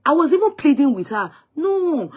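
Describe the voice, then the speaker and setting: A woman's voice: medium pitch, lively intonation, normal speed, fairly bright tone. Woman host of a live online talk show, emphatic and indignant, repeats points, mid-range voice. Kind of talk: live-stream talk show, recounting a dispute.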